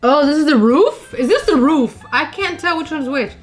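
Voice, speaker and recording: A young woman vlogging as she builds something by hand, chatting to herself and her viewers in a casual, animated way. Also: high-pitched, normal speed. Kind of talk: casual chat while crafting.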